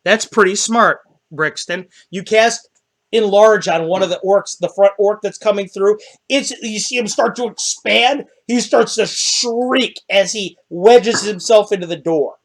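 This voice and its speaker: A man narrating as dungeon master, describing the scene vividly and answering players. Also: high-pitched. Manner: vivid, animated narration with quick character voices. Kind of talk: narrating a tabletop game.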